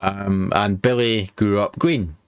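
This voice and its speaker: A man's voice: on the low side, steady tone, slow, smooth. A Glaswegian man streaming a game, chatting casually with his viewers and swearing now and then. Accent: Glaswegian Scottish. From Scotland. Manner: chatty, swears, talks to chat. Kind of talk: casual livestream chat.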